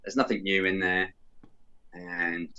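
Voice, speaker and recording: A man's voice: sits low, little pitch movement, slow pace, sharp tone, dull audio. A man chatting casually as a podcast guest, rambling and hesitant with many fillers and restarts. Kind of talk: casual chat.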